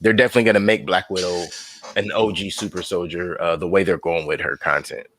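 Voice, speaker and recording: Low-voiced man in casual review chat. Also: steady tone, fast, fairly bright tone. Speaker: podcast co-host.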